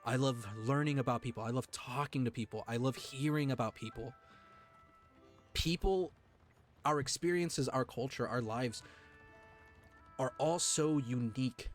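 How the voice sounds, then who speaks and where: A male streamer talks to his chat in an earnest, emotional way and stops often to restart his sentences. His pitch sits in the middle range. Soft music plays behind him. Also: a little slow, long pauses. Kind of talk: heartfelt live-stream talk to chat.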